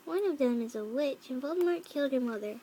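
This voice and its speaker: A woman voicing a young cat-girl troll who reads a fanfic aloud, with flat narration, mocking asides and yelled quotes. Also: sits high, fast, noisy background. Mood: deadpan reading. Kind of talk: fan reading of a story.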